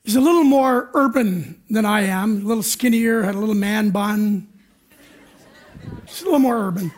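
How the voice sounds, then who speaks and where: A man's voice: high-pitched, normal speed. A man preaching a sermon as pastor, telling a self-deprecating story in a chatty way and acting out his own panic. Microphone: recorded for radio.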